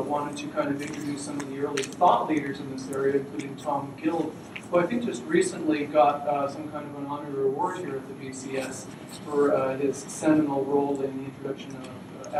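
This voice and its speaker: A middle-aged man giving an evening lecture to an audience, relaxed and full of "uh" fillers. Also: mid-range voice, brisk. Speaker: invited speaker. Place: lecture hall. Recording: echoey hall, far from the mic, noisy.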